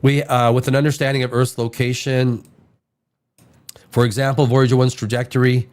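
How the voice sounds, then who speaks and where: A man's voice: mid-range voice, flat delivery, normal speed, darkish tone. A man hosting a casual livestream podcast, reading science news aloud with rambling asides while fighting a bad cold. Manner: rambling, joking, reads articles aloud with asides. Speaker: podcast host.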